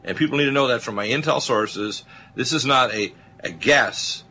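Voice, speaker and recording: A man's voice: mid-range voice, moderate pace, sharp tone, a little hiss or hum. A man hosting a talk radio show, speaking emphatically and rambling with many filler uhs.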